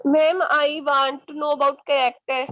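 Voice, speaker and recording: A woman's voice: sits high, little pitch movement, moderate pace, fairly bright tone, dry recording, highs cut off. A woman student asking a teacher questions politely and hesitantly, with many fillers.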